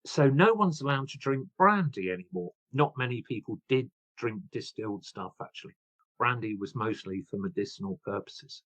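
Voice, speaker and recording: A man's voice: mid-range voice, lively intonation, normal speed, fairly bright tone, dry recording, highs cut off. A man, an author telling history stories with enthusiasm, often restarting and going off on side paths. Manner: enthusiastic, digressive, frequent restarts. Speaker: author and guest. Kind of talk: storytelling history talk.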